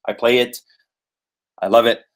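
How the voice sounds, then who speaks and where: Speaking a little slowly at medium pitch, a man from Quebec who works in voice and motion capture acting describes his roles. The podcast interview is rambling and animated, and he leans on lots of fillers.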